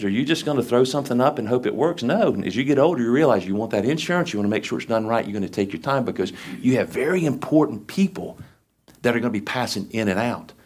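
A man preaching a sermon, reading scripture aloud and then explaining it with folksy, down-to-earth asides and emphatic repetition. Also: medium pitch. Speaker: lay preacher.

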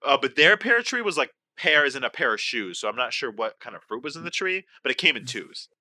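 Animated, bright-voiced man on a livestream. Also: medium pitch, fairly quick, dry recording. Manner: goofy, swears freely, mock-outraged rants. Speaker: game contestant and stream co-host. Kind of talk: casual livestream chat.

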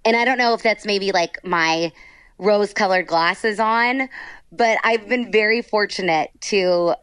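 A bubbly, gushing woman chats about her work as a voice actor. Her voice sits at a middle pitch and is recorded dry and close, with no room sound. She leans on "like" as she talks. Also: unhurried, fairly bright tone, smooth, dry recording. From Texas. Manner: bubbly, gushing, heavy use of "like". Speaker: voice actor guest. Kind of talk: casual interview chat.

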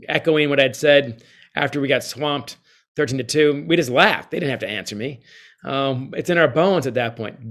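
A man tells coaching stories as an interview guest. He talks in an animated way, quoting others and swinging between loud and soft lines. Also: mid-range voice, moderate pace. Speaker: author and former hockey coach, guest. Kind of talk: storytelling interview answer.

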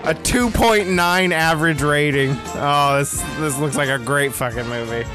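A man's voice: on the high side, moderate pace, over music. A man co-hosting a casual podcast, reacting bluntly with frequent swearing. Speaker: podcast co-host. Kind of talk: casual chat.

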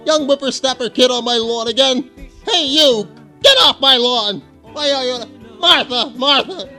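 A man voicing a cranky old man who yells at kids to get off his lawn. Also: very high voice, fairly even intonation, normal speed, soft background music. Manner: shouting, grumbling.

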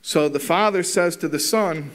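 Animated storytelling man, fairly high voice. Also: normal speed. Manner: animated storyteller, acts out dialogue; wry, teasing humour. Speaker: rabbi giving a talk. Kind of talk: talk to a live audience.

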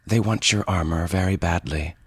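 A cold female assassin from the future, clipped and defiant, as a male narrator puts her on in a raised voice. Her tone is husky and breathy, with a bright edge, heard dry and close. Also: low-pitched, normal speed, no echo, exaggerated voice. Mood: sharp. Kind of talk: audio fiction reading.

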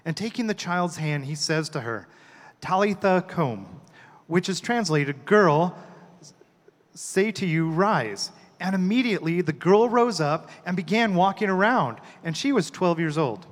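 A man giving a measured, unhurried scripture reading. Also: high-pitched, lively intonation. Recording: echoey hall.

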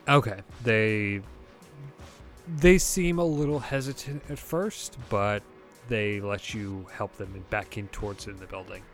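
A man narrating a tabletop game as game master, describing scenes in a relaxed, rambling way with fillers. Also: on the low side, unhurried, soft background music.

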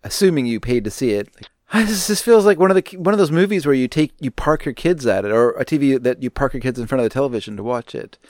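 A man's voice: mid-range voice, lively intonation, fast talker, a little mellow, no echo. An easygoing man co-hosting a movie podcast, his voice in the middle range. He rambles through his thoughts with frequent laughs, and the sound is dry and close. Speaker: podcast co-host. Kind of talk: casual movie review chat.

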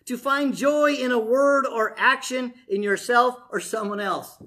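A man's voice: very high voice, measured pace, few pauses, sharp tone, a little hiss or hum. A man preaching a conversational sermon to his congregation, telling stories and acting out quoted voices.

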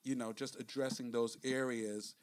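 A man's voice: medium pitch, fairly even intonation, moderate pace. A man with a New York accent co-hosting a casual discussion of a management book, blunt and argumentative, laughing often. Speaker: podcast co-host.

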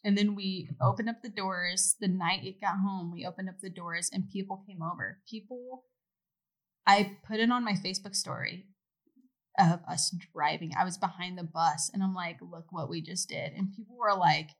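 A woman's voice: medium pitch, normal speed, low-quality recording. Chatty woman telling stories with laughs. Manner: animated storytelling, laughs often, swears. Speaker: podcast guest. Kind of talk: casual chat.

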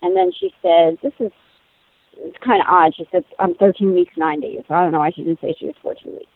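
Woman, thirties, animated storyteller, laughs often, dry tinny phone sound. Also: fairly low pitch, fairly quick, creaky, no room sound. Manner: animated, laughing, acts out quoted voices. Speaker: guest telling a personal story. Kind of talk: conversational storytelling.

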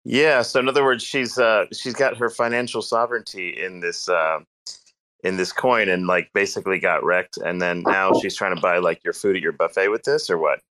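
A man hosting a casual audio chat, crudely teasing the other speaker with deadpan jokes. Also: low voice, normal speed.

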